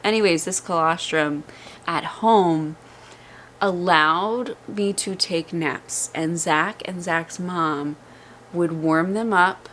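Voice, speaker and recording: A woman's voice: lowish voice, slow pace, slight background noise. A young woman vlogging casually at home, candid and chatty with frequent laughter, sounding exhausted. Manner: chatty and candid, laughs often, rising excitement. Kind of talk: casual chat. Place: at home, indoors. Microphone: vlogging microphone.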